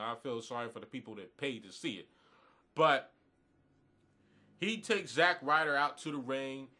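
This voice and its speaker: A man's voice: mid-range voice, sharp tone. A man giving a blunt, profane, rambling review of a wrestling event in a casual rant, groggy this morning.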